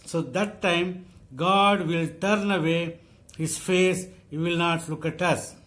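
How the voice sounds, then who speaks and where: A man preaching a sermon, reading scripture and repeating phrases slowly for emphasis. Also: on the high side, steady tone, fairly bright tone.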